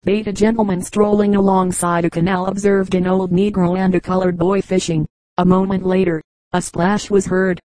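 A woman reading short humorous anecdotes aloud as an audiobook, in an even, measured storytelling manner. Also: mid-range voice, no room sound, low-quality recording. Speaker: audiobook reader.

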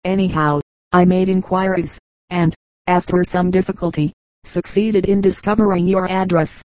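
Woman narrator voicing courteous army captain, mid-thirties, plain-spoken, low flat voice. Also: normal speed, no room sound, natural voice, poor audio. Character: well-bred middle-aged army captain, kindly and direct.

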